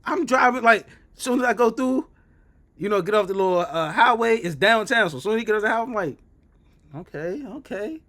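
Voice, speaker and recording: A man telling a story in casual chat, animated and jumping into loud, high exclamations. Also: fast talker. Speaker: reaction streamer.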